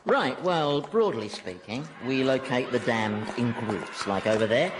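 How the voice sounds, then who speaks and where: A man's voice: medium pitch, lively intonation, a little slow, big-room sound, noisy background, lightly acted. An actor voicing a sardonic male devil who rules hell, sarcastic and mocking. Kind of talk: 1990s radio comedy acting.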